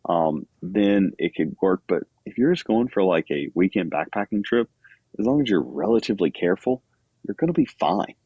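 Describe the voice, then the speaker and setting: A man's voice: deep voice, animated, normal speed, slightly rough, dry recording, narrow, tinny audio. A man guest on a podcast, talking casually with lots of fillers and self-deprecating asides. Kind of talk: casual chat.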